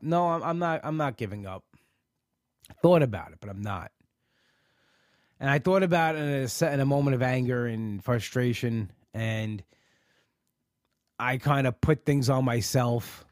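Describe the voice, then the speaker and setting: A man's voice: medium pitch, moderate pace, pauses often, no echo, studio quality. A man hosting a live podcast, talking in a frustrated, rambling way and often repeating himself. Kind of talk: emotional live talk.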